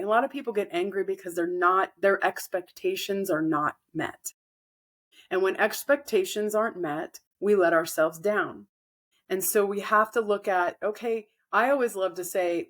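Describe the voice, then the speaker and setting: A woman co-hosting a podcast, calmly explaining spiritual ideas and acting out inner dialogue. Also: mid-range voice, measured pace. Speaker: podcast co-host. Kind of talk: casual spiritual chat.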